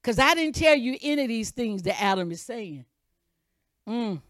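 Woman preacher, fervent sermon, swings between loud calls and quiet asides, bright and high, dry close sound. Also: animated, normal speed, no room sound. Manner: reads scripture aloud and comments between verses.

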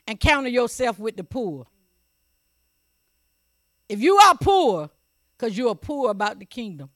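An emphatic preacher with a high voice, repeating key phrases and questioning the congregation. The sound is close and dry. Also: big pitch swings, measured pace, pauses often, fairly bright tone, no room sound. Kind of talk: sermon. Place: church service also streamed online.

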